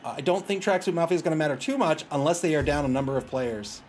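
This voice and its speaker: A man's voice: on the high side, fast talker, darkish tone, a little hiss or hum. A man casually commentating his own video game match, taunting his opponent and chatting with viewers. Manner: banters with chat, taunts opponents, laughs.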